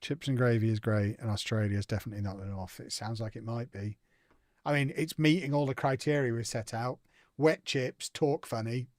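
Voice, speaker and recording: A young man hosts a live gaming stream in a relaxed, chatty way. He teases his viewers with playful banter as he reads their messages aloud. His voice sits at an ordinary middle pitch and sounds dry and close, with no room echo. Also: a little fast. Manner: playful, teasing banter reading out chat. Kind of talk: casual live-stream chat while gaming.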